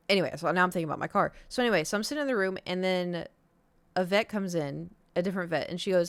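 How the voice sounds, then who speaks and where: A woman streams from home, telling her chat a meandering story and peppering it with fillers as she acts out what others said. Her voice sits a little low and comes through smooth and clean. The desk mic picks it up close and dry, with no room around it. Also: no echo. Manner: rambling, lots of "like" and "um", acts out quoted voices.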